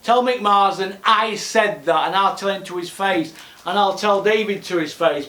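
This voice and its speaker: Man, high-pitched, blunt ranting host, scornful rhetorical questions, roomy echo. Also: animated, normal speed, pushed and bright. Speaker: boxing vlog host. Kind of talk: ranting monologue.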